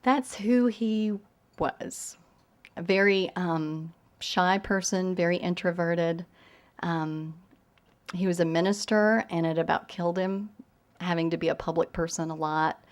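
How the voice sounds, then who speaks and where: Soft-spoken woman with a softened Southern accent. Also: lowish voice. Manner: gentle, thoughtful, pauses with "um"; unhurried, lyrical reading. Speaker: visiting novelist. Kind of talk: talk with questions, then reading her fiction aloud. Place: university lecture hall.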